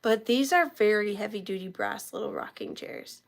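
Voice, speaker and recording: Throat sore from talking, a reseller speaks at medium pitch and normal speed in a creaky voice during her home live-stream auction. She keeps things chatty, calling out viewers by name as each item comes up.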